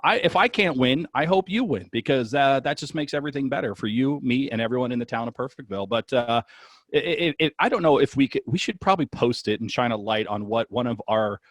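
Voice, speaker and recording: A man's voice: medium pitch, lively intonation, a little fast, no echo. A man co-hosting a casual sports podcast, wry and self-deprecating. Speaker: podcast co-host.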